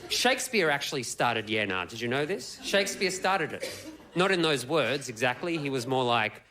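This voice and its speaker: A man's voice: mid-range voice, very animated, moderate pace. A young man from Melbourne with an Australian accent, doing a punchy, cheeky stand-up set on a comedy club stage into a handheld mic. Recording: loud live audience and noise.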